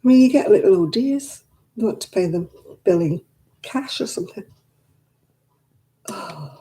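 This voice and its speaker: A woman's voice: medium pitch, animated, a little slow, dark tone, poor audio. An older woman, chatting casually with live viewers and grumbling in an exasperated way. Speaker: live streamer.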